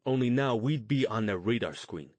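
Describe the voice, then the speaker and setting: A man voicing a gruff, hard-bitten male street outcast who talks blunt and crude in slang. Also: mid-range voice, lively intonation, moderate pace, darkish tone, no room sound, lightly acted. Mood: defiant.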